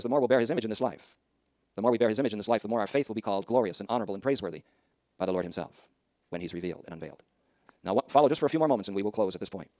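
A man preaching a sermon, swinging between loud emphasis and hushed asides. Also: on the low side, dry recording, clean studio sound.

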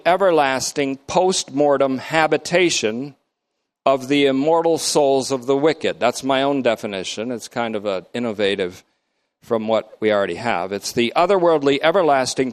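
An older man teaches a Bible study at a deliberate pace, spelling out each term one word at a time. He speaks emphatically and leans hard on key words, with pitch that rises and falls. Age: middle-aged or older. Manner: emphatic, defines terms slowly word by word. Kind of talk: lecture-style Bible study.

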